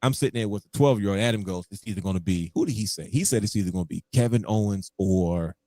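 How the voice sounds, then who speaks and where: A man's voice: lowish voice, fast, mellow, no echo. A man co-hosting a podcast in casual chat, telling stories animatedly and acting out his own reactions. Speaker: podcast co-host.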